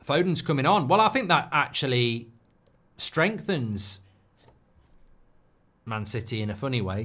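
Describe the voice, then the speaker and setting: A man hosting a live football watchalong stream at a mid-range pitch. He chats loosely, and reads viewer messages aloud between thoughts on the game. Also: expressive, a little slow, long pauses, a bit bright. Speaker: football livestream host. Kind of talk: casual football watchalong chat.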